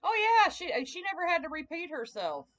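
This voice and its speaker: A woman's voice: high voice, big pitch swings, quick pace, pushed and bright. A woman with a twangy Southern US accent, chatting casually with viewers while making a craft on a livestream. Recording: slightly dull lo-fi livestream audio.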